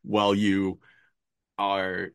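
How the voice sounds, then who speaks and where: A man playing a tabletop role-playing game, speaking in character with dry, halting phrasing. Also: low-pitched, completely flat delivery, clear, resonant tone, no echo. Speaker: player.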